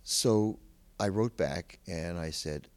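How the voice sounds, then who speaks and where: A man, a conductor, telling a story in an animated way and acting out the voices of the people in it. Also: deep voice, takes it slowly, no echo. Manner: acts out quoted voices, chuckles, shifts loudness for effect.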